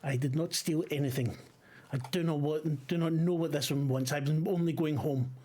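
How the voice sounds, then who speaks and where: A man voicing a frightened woman tea seller who pleads slowly and hesitantly, in a tabletop role-play game. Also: sits low, steady tone, dark tone, slight background noise, close to an everyday voice.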